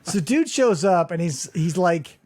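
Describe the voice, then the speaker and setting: A man co-hosting a podcast, chatting casually in an animated, incredulous way, swearing often and filling his talk with "like". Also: high voice, a little slow, no echo. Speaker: podcast co-host. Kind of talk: casual comedic recap chat.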